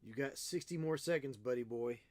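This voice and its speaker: A man's voice: mid-range voice, normal speed, darkish tone, no room sound. A man streaming his miniature painting, chatting casually and teasing his cat with playful baby-talk.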